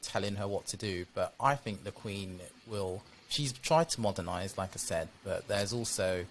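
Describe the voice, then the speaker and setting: A man's voice: low-pitched, normal speed, hardly any pauses, slight background noise. A man co-hosting a podcast in casual chat, conversational and fond of tag questions. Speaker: podcast co-host.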